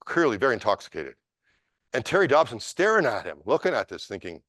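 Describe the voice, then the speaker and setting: A man, a martial arts instructor, telling a story at a seminar in an animated, emphatic way. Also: medium pitch, fairly quick, dry recording, studio quality.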